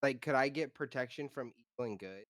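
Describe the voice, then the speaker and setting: A man's voice: medium pitch, fairly quick, fairly bright tone, dry recording, studio quality. A man playing a tabletop game, playful and asking rules questions. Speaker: player. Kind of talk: casual chat.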